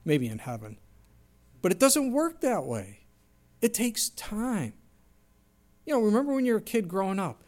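This middle-aged man preaches as a pastor at a moderate pace. His animated delivery includes acted-out quotations marked by sudden jumps in pitch and volume.

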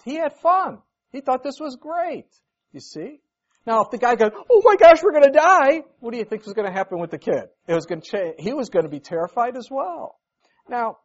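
A man preaching a relaxed, conversational sermon, folksy and full of everyday stories. He slips into the voices of the people he quotes. The recording sounds dull and lo-fi. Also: sits high, husky. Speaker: pastor.

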